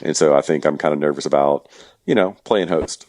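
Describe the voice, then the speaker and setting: A man with an extremely deep voice, an event organizer, chats as a podcast guest at a fairly quick clip. He is relaxed and joking, stuffing his sentences with fillers, and the recording is close and dry.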